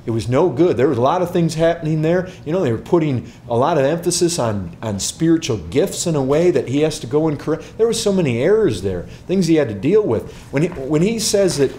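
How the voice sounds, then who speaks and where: A man's voice: a little high, sing-song, brisk, few pauses, warm tone, a little hiss or hum. Emphatic male pastor teaching a group. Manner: emphatic, repeats words, asks rhetorical questions. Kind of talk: answering a question before a group.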